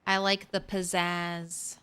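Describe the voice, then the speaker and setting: A woman streaming a game and chatting to her viewers in a loose, rambling way. Her voice is bright and clear, with a crisp, smooth tone. She takes her time, speaking at an unhurried pace. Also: fairly low pitch, little pitch movement. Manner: chatty, rambling, talks to chat. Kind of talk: casual gameplay commentary.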